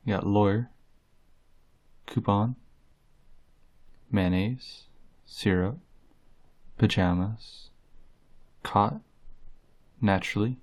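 A man doing a casual tag video, reading words off a list in an unhurried way with frequent "uh" fillers. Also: on the low side, a little mellow. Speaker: vlogger.

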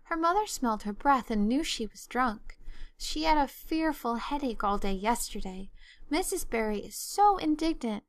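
A high, lively young girl, breathless and melodramatic, all tears and earnest pleading, as a woman reads her. The voice swoops up into wails and spills words out in a rush. It sits dry and close. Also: normal speed, no echo. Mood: tearful explaining. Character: excitable, dramatic young orphan girl.

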